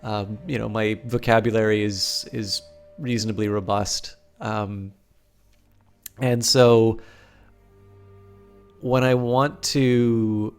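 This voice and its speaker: A man's voice: on the low side, fairly even intonation, slow pace, long pauses, smooth, faint music behind. A man streaming live and chatting casually, rambling through long, complicated sentences.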